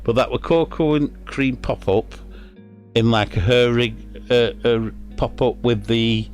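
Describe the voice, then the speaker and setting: A middle-aged man from England with a Lancashire accent, giving casual, rambling commentary on a fishing game with many fillers and restarts. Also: on the low side. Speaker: streamer.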